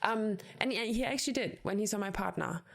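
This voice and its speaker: Woman, podcast co-host, casual chat, gravelly voice, candid and animated. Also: medium pitch, fairly quick. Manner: candid, animated retelling with acted-out quotes.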